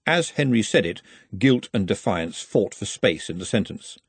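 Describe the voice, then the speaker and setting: Husky-voiced man narrating an audiobook. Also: low-pitched, lively intonation, moderate pace, no room sound.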